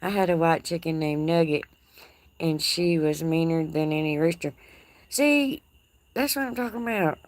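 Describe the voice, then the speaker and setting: A woman with a Texas twang chats on a live stream from her front porch, her voice sitting low in its register. She talks in a folksy, teasing way and laughs easily, with crickets chirping faintly behind her. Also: normal speed. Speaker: livestream host. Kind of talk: casual live chat reading comments. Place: outdoor porch.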